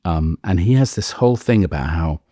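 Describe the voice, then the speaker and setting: A man co-hosting a history podcast, telling the story in a lively, conversational way. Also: low-pitched, fairly quick, no room sound, clean studio sound. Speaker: podcast co-host.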